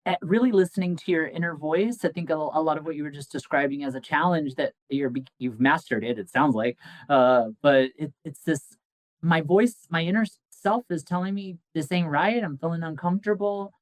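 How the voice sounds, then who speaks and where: A man hosting an interview, reflecting on what guests say and gently probing with soft affirmations. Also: on the high side, brisk, no echo, poor audio. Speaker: host.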